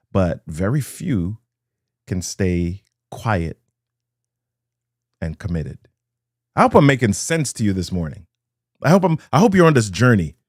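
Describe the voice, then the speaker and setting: A man with a lowish voice delivers a motivational talk in measured, rhythmic phrases. He repeats his key lines for emphasis and now and then greets viewers by name. The sound is close and dry, with no room echo. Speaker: motivational speaker. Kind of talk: live-streamed motivational talk.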